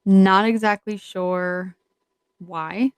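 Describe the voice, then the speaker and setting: A woman co-hosting a podcast in casual chat, speaking hesitantly with many fillers and trailing off softly. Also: mid-range voice, steady tone, very slow, clean tone. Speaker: podcast co-host.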